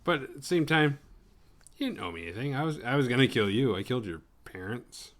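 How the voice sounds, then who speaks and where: A man's voice: mid-range voice, animated, a little fast, natural voice. A man doing a sulky, grumbling undead slasher. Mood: aggrieved. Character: sulky grudge-holding undead male slasher.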